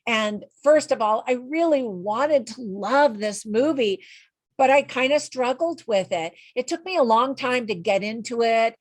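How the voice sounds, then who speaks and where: A middle-aged woman talks through a film review in a frank, conversational way, chatty and quick to laugh at her own asides. Her voice sits at an ordinary pitch for a woman. It is close-miked and dry, with no room echo. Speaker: movie reviewer. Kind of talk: casual spoken movie review.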